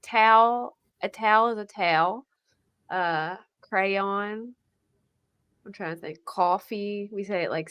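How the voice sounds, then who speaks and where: A woman's voice: mid-range voice, slow, smooth, no room sound, highs cut off. A woman from Pennsylvania with a Philadelphia accent, telling a rambling story on a live panel and laughing often. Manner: chatty and rambling, laughs often, says "like" a lot.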